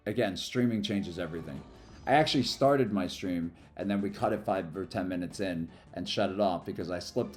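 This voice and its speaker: A low-voiced man chats loosely through a game stream, drifting from topic to topic in a rambling, friendly way. Faint music plays underneath his talk. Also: darkish tone. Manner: rambling, chatty, quick to thank followers. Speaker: livestreamer. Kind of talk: casual live stream chat while gaming.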